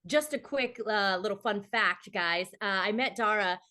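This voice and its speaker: A woman's voice: mid-range voice, moderate pace, sharp tone. A woman actress, a guest on a podcast, chatting casually and expressively and laughing often. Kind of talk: casual chat.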